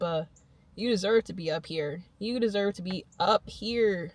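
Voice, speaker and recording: A woman's voice: medium pitch, a little slow, a little mellow, dry recording. A young woman vlogging to her channel, giving emphatic, repetitive pep talk and often laughing. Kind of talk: motivational self-talk to camera.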